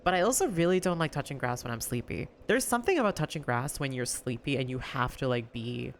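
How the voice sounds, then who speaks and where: A young woman rambles through casual gameplay commentary, full of fillers and the odd swear. Her voice sits low with a gravelly edge, though she sometimes pushes it higher on purpose. A faint hiss runs underneath. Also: animated, fast. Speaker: gaming streamer.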